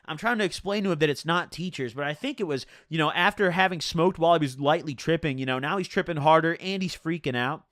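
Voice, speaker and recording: A man's voice: a little high, fast, hardly any pauses, a bit bright, dry recording, studio quality. A young man vlogger telling a personal story in a casual, slangy, profane, chatty way.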